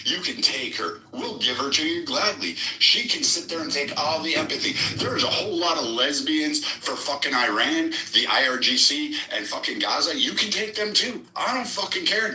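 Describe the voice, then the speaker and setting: A man argues in a heated live audio room, aggressive and full of profanity as he taunts his opponents. His voice is very bright and cutting. He sounds set back from the mic in an echoey space. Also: fairly high pitch, recorded from a distance. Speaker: podcast host.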